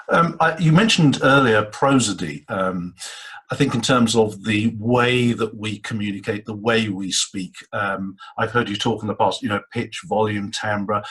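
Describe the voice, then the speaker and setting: A man's voice: on the low side, fairly bright tone, breathy edge, poor audio. A man hosting a podcast interview, putting polite questions with brief prompts. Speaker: podcast host.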